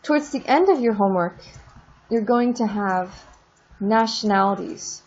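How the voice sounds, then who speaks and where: A woman teaching a French class in a recorded lesson, drawing out words slowly for pronunciation drills and adding casual asides. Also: mid-range voice, expressive, darkish tone, husky, lo-fi sound.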